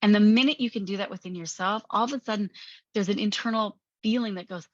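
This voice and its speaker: A woman hosting a podcast, talking in an animated, emphatic coaching manner and laughing often. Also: mid-range voice, fast, dry recording, dull audio. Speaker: podcast host. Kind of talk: conversational coaching talk.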